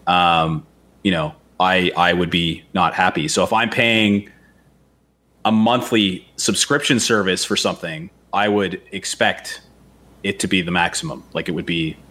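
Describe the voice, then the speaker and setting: A man with a fairly low voice argues his side in a casual discussion. He restarts and repeats words as he works out his point. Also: steady tone, unhurried, pushed and bright. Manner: argumentative, repeats words while thinking. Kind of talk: casual chat.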